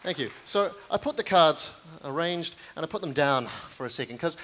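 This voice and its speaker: A young man with a New Zealand accent performs stand-up comedy on a live stage, with a slightly high voice. He keeps up a self-deprecating patter with deadpan asides to the crowd. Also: normal speed. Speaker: comedian and card manipulation performer. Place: live venue stage with audience.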